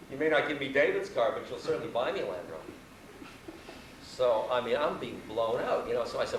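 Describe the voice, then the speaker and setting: A man's voice: mid-range voice, lively intonation, fairly quick. A man, telling a wry, self-mocking story to an audience at a university hall. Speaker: spiritual teacher. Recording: roomy live hall recording from far off, noisy.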